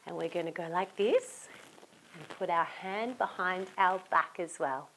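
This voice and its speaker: An Australian woman hosts a children's storytime and sing-along, coaxing young kids directly with playful gasps and exclamations. Her voice is lowish and a bit bright, her pace a little slow, with slight background noise.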